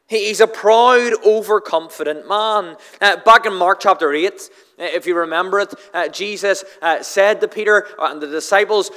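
A man preaching a sermon, stammering and repeating words as he starts sentences, with many filler "uh"s, his voice rising for emphasis and then dropping low and slow. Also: pushed and bright, big-room sound. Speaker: pastor.

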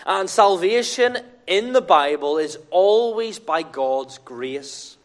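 High-voiced earnest preacher. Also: male voice, expressive, slow. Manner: earnest, emphatic, repeats key phrases. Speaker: pastor. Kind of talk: sermon. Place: church during a baptism service.

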